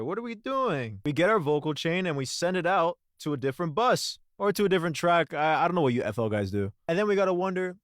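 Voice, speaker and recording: A young man, a music producer, giving a casual, slangy, excitable tutorial from his studio. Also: a little high, fast talker, no room sound. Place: home studio.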